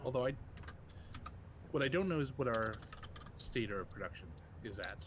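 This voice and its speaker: A man's voice: mid-range voice, expressive, moderate pace, background noise. A man co-playing a game, chatting casually with brief, dry remarks. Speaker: co-player. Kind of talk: casual gameplay chat.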